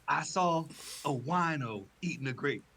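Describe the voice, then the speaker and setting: A man doing an impression of a deadpan, laid-back male stand-up comic on a comedy podcast, explaining his own one-liners earnestly. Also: on the high side, a little slow, slightly rough, full character voice.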